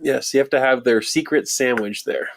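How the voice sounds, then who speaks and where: A man's voice: mid-range voice, moderate pace, gravelly, slight background noise. A middle-aged man from Canada co-hosting a casual cruise livestream, with dry, teasing short remarks.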